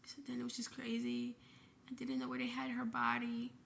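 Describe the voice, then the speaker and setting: A woman's voice: a little high, monotone, moderate pace, gravelly, a bit bright, slight background noise. A woman vlogger telling an emotional personal story, shaken and grieving, in a breathless retelling with frequent swearing.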